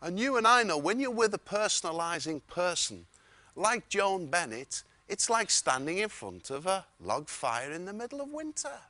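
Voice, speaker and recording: Lively, chuckling man telling stories. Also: sits high, moderate pace, dry recording. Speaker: keynote speaker. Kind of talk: storytelling keynote talk.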